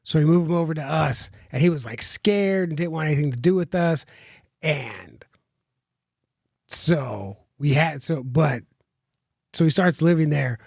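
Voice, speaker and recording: A man tells a rambling story on a podcast, restarting his sentences and swearing casually. His voice sits a bit high and is gravelly and husky. The sound is close and dry. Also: a little slow, long pauses, a little mellow, no room sound. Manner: rambling, many restarts and fillers, swears freely. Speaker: guest comedian.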